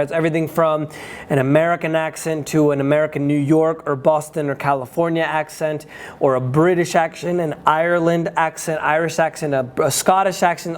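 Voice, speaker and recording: A man whose first language is Spanish, speaking in a slightly higher register. He chats casually to camera as a travel vlogger. He gives his opinions freely and works out his points aloud. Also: a little mellow. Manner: chatty, opinionated, thinking aloud.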